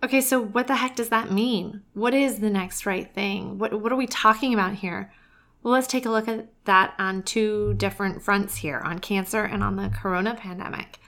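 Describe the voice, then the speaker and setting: A woman's voice: medium pitch, fairly even intonation, normal speed, a bit bright. A woman, a cancer survivor, giving a heartfelt, emphatic casual monologue and often saying "y'all" and "oh my gosh.".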